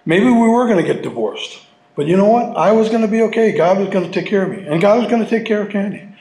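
A man with a somewhat high, gravelly voice gives a personal testimony to a gathered audience. He talks in a halting, heartfelt way, repeating and restarting his phrases. The sound is roomy, with the echo of a meeting hall. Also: expressive, warm tone. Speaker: speaker sharing his story at a recovery meeting.

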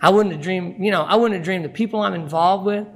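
A man's voice: high voice, fast, vocal fry. A man, from Arkansas, giving a rambling, self-mocking personal testimony at a recovery meeting and laughing often.

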